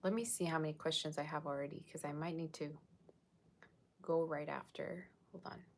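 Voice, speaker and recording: A woman's voice: low-pitched, fairly even intonation, normal speed. A woman giving a casual, rambling livestream tarot reading, chatting with viewers and thanking them by name. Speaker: tarot reader.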